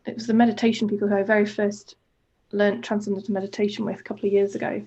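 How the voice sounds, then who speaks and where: A woman's voice: medium pitch, flat delivery, quick pace, warm tone, husky, dull audio. A woman co-hosting a coaching podcast, talking in a casual, enthusiastic, rambling way with many "like" fillers. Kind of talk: casual reflective conversation.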